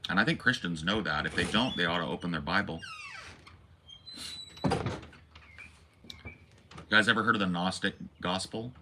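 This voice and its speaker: Deep-voiced man on a profane rant. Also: moderate pace, long pauses, heavy background noise. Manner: ranting, preachy, profane. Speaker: podcast host. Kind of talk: impassioned monologue.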